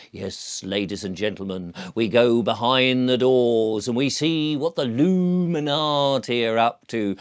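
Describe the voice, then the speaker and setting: A man giving a mocking solo monologue, often acting out the voices of the people he quotes. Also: medium pitch. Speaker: video commentator.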